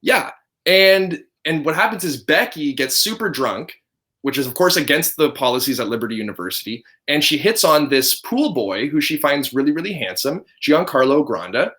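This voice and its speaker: A man in his thirties telling a story in casual chat as a podcast host, animated and laughing often. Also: a little high, moderate pace.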